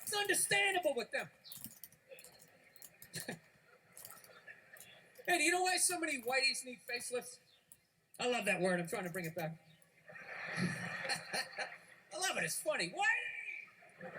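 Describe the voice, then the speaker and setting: On stage before a live audience, a male stand-up comedian with a fairly high, pushed, bright voice delivers a profane routine full of ranting and mockery into a handheld mic. The audio is poor, with a clear layer of background noise.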